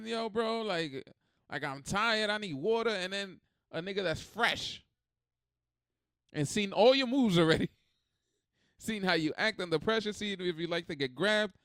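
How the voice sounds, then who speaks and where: A man hosting a reaction video, talking in a rambling, animated, swearing way. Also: sits high, no echo, clean studio sound. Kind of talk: casual reaction commentary.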